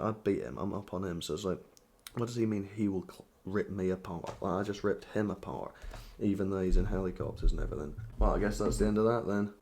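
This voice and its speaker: Deep-voiced man ranting angrily. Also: darkish tone. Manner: heated, profane, mocking rant. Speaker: gaming commentator. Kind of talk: ranting gameplay commentary.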